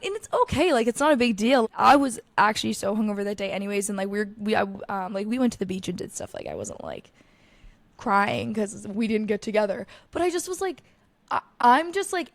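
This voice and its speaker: A woman's voice: a little high, lively intonation, dry recording. A young woman hosting a casual solo podcast, telling stories in a chatty way with lots of "like" and plenty of swearing. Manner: chatty, lots of "like", swears freely, quick asides. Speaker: podcast host.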